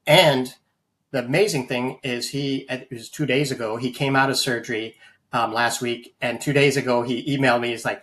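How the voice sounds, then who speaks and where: Earnest man with halting, filler-heavy speech. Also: mid-range voice, fairly even intonation, fairly bright tone, a little hiss or hum. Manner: earnest, many fillers and restarts. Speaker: guest, AI voice banking practitioner. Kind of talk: conversational interview storytelling.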